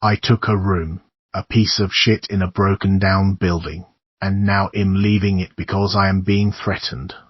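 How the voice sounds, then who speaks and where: A man doing a defiant young tenant, husky and low. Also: little pitch movement, normal speed, no room sound. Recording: dull lo-fi dry recording.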